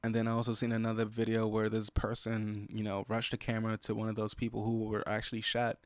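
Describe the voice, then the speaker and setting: A young man delivers a casual solo podcast monologue, venting irritably and profanely about things that bother him. His lowish voice is monotone and fast, recorded on a close podcast mic with no room sound.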